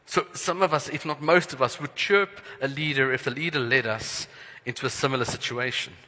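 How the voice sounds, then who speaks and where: A man pastor preaching a sermon in an earnest, prayerful way, letting his phrases trail off softly. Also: medium pitch, brisk. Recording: long hall reverb.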